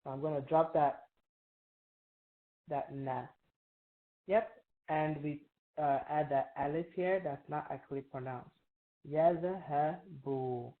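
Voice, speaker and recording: Woman teacher, low register, patient quizzing style, phone-quality audio. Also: steady tone, a little slow, pauses often. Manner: patient, quizzes students, frequent "right?" checks. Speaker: Arabic teacher. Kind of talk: classroom review lesson. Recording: tinny phone-like online call.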